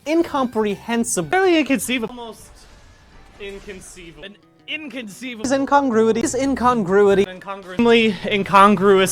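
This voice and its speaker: An animated man speaks in a rapid string of chopped-up single-word clips. His delivery lurches between loud bursts and quiet mutters, set over clear background music. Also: high-pitched. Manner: animated, jumpy delivery shifting loud and soft. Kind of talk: rapid supercut of clipped single words.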